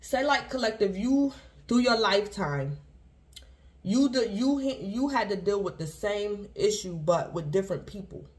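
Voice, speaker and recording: A woman's voice: medium pitch, animated, unhurried, darkish tone. A woman giving a casual tarot reading to her viewers, rambling and repeating herself as she speaks to the collective. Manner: rambling and repetitive, addresses the collective; speaks in loose restarts, circling back to one point. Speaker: tarot reader.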